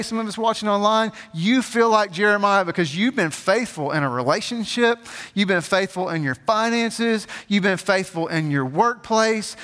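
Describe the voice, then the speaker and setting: A man's voice: on the high side, pushed and bright, big-room sound. A man preaching a sermon as a pastor, in an emphatic, conversational way, recorded in a church.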